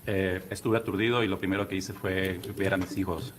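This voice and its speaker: A man with a very deep voice giving courtroom testimony, speaking very fast with hesitant fillers. A faint background noise sits under him. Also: flat delivery. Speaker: trial witness.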